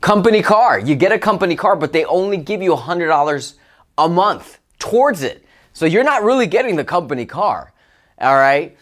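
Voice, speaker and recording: A man hosting his own motivational podcast, telling a personal story with emphatic, excited exclamations. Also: high-pitched, normal speed. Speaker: podcast host.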